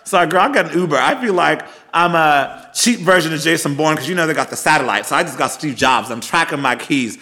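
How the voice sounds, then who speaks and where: Lively guy spinning a yarn, bright voice, casual podcast chat. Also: a little high, fairly quick, few pauses. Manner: animated, chatty, calls listeners y'all and girl. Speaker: podcast co-host.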